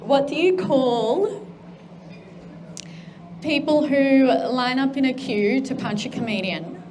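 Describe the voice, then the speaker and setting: A woman guest on a comedy show tells short jokes in a hesitant, self-deprecating way. She speaks slowly in a high voice. There is noise behind her in the studio recording. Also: darkish tone, low-quality recording. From half Swiss, half Australian.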